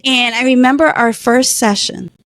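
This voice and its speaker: A woman's voice: a little high, moderate pace, fairly bright tone, no echo. A middle-aged woman earnestly telling a personal story in conversation, emotional at times. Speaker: guest, former patient.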